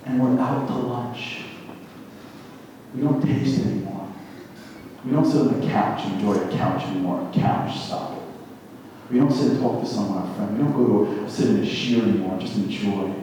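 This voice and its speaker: A man's voice: fairly low pitch, warm tone, distant mic, slight background noise. Man preaching in an echoey hall. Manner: dramatic, repetitive, acts out quoted voices. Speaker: motivational speaker. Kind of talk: inspirational talk.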